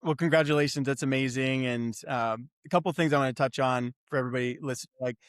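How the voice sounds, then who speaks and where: A man's voice: medium pitch, steady tone, fast, no room sound, clean studio sound. A man hosting an interview, affirming his guests and thinking aloud with restarts. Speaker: podcast host. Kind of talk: conversational interview.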